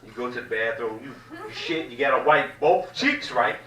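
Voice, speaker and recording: A man from the American South doing a loud, profane, rambling stand-up set in a small cafe comedy room. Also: mid-range voice, normal speed. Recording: echoey room, mic at a distance.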